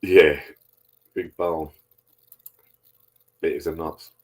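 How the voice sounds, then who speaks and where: A man's voice: very deep voice, steady tone, very slow. A man hosting a live stream, chatting casually and rambling over beers, swearing freely as he talks to viewers.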